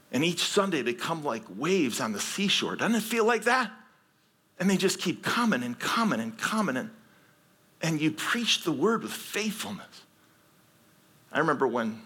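Pastor, male, sermon delivery: bright, husky tone, earnest storytelling that builds to emphatic appeals. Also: mid-range voice.

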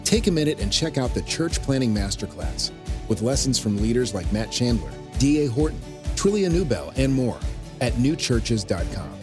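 Man, announcer, scripted intro, lively pitch, music bed, upbeat. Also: normal speed. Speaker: show announcer.

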